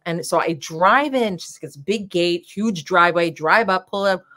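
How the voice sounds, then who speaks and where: A woman's voice: fairly low pitch, normal speed, pushed and bright. A woman guest telling rambling, filler-heavy anecdotes with frequent laughter in a casual interview. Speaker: guest, drag king performer.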